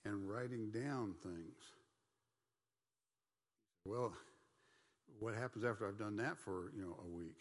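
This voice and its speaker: A middle-aged man teaching a Bible study class in a folksy, animated, conversational way, with quick asides and playful mock voices. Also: on the low side, slightly rough, long reverb tail.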